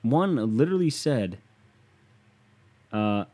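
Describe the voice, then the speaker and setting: A man's voice: medium pitch, sing-song, slow pace, dark tone. A young man from Ohio hosting a casual sports rant, profane and sarcastic.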